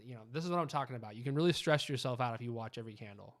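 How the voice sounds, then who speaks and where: A man hosting a live trading stream, chatting casually and getting excited as he watches the charts. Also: mid-range voice, racing. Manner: chatty, excitable, keeps asking "you know what I'm saying".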